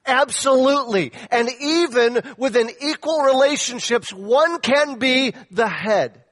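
A man preaching a sermon with emphatic rhetorical questions, his voice swinging high and low. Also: unhurried, a bit bright, big-room sound. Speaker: pastor.

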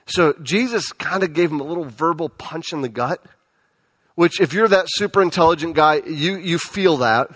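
A man's voice: on the high side, moderate pace, fairly bright tone. A man, perhaps in his thirties, preaching a sermon as a pastor, often stumbling and repeating words as he goes.

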